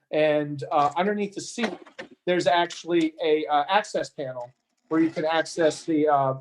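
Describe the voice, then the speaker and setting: A man's voice: fairly high pitch, slight background noise. A man being interviewed, telling a story casually with frequent restarts and repeated words. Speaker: interview guest.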